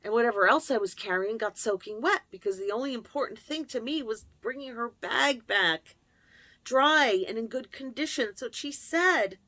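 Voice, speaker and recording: Recorded dry at her computer, this channel host shares a confessional story about herself with candor and feeling. She sounds a little high and bright, with lively intonation, a forceful tone, and a moderate pace.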